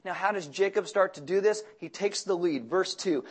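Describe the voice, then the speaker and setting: High-voiced male pastor preaching. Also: moderate pace, husky. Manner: conversational, joking preaching. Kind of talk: sermon.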